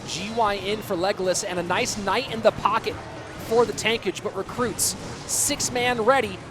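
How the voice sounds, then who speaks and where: A man doing live play-by-play esports commentary, quick and chatty, joking with his viewers between plays. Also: high-pitched, fairly even intonation. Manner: quick, chatty, jokes with the audience. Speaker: esports caster. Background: music.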